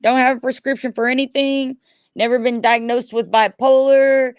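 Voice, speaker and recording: A woman's voice: sits high, little pitch movement, normal speed, clear, resonant tone, dry recording, dull audio. A middle-aged woman hosting a livestream, ranting at her chat in an angry, profane, repetitive way. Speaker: livestream host.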